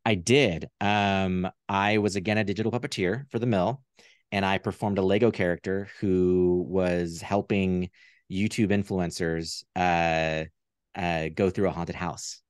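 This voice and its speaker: A man, a puppeteer, chatting casually as an interview guest in a relaxed, rambling way over a video call. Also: low voice, unhurried, clean tone, no echo, clean studio sound. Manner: relaxed, rambling, many fillers. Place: home room via video call.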